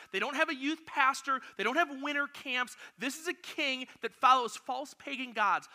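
Youth pastor, male, high and very bright voice, energetic, directing volunteers mid-sermon. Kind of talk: youth sermon with acted-out Bible story.

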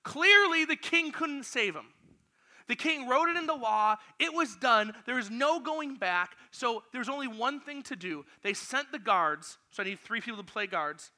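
High, bright-voiced youth pastor. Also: male voice, normal speed. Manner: energetic, directs volunteers playfully. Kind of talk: youth sermon with acted-out Bible story.

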